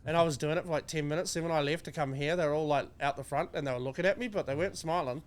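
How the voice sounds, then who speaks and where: A man's voice: on the high side, racing. A man with a New Zealand accent, ranting and joking with crude, sweary sarcasm as a podcast co-host. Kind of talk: crude casual banter.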